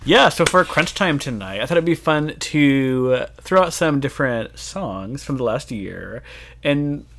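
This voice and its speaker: A man hosting a casual podcast chat, playful and joking with quick asides. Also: medium pitch, expressive, vocal fry, a bit bright. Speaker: podcast host.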